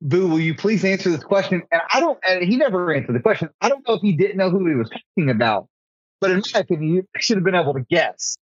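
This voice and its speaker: A young man rambles through casual chat, filling his sentences with "like". His voice sits somewhat high, and the recording is dry and a little muffled. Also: very animated, quick pace, dry recording. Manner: rambling, says "like" a lot. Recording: slightly dull podcast audio.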